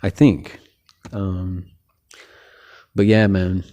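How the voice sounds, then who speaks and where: Chill guy rambling about fights, lowish mellow voice, lots of you knows and uh's. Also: measured pace, long pauses. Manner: rambling, heavy on filler words like "you know"; relaxed, opinionated and loose. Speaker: host. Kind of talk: casual boxing talk monologue.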